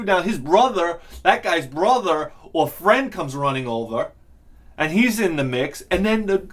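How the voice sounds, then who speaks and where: A man's voice: high voice, big pitch swings, normal speed. A man hosting his show, telling a profane story in a casual rant and laughing along with it. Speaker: host.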